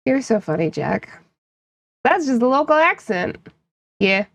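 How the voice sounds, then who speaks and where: A woman's voice: on the high side, sing-song, a little slow, vocal fry, dry recording. A woman from upstate New York, chatting casually with her live-stream viewers, playful and laughing often while she teases chat.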